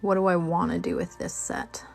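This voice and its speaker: A woman with a fairly low voice chats her way through a craft project, rambling from one story to the next. She trips over her words and restarts often, filling gaps with ums and likes. Soft music plays faintly underneath. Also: wildly swooping pitch, moderate pace, creaky. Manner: chatty, rambling, many fillers and restarts. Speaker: crafting channel host. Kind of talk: casual chat while crafting.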